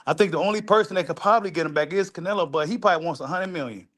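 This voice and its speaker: A man talks in a high, excitable register as he reacts to a video. He repeats lines for emphasis and drops curse words freely, in loose casual commentary. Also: rapid-fire. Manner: repetitive, emphatic, profane street talk.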